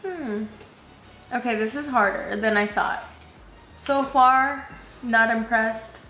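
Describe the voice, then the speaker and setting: Her voice runs on the high side with a sharp tone and fairly even intonation, and she speaks slowly. This young woman, lisping slightly because of braces, bubbles over to "you guys" while trying out a makeup tool in a casual beauty vlog. The echoey room has faint noise, with faint music behind her.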